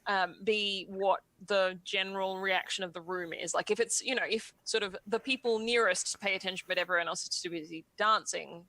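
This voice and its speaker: A woman's voice: mid-range voice, fairly even intonation, moderate pace, hardly any pauses, sharp tone, dry recording. A woman playing a tabletop game, thinking aloud with many hesitations and fillers. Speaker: player. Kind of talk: tabletop role-play in character and out.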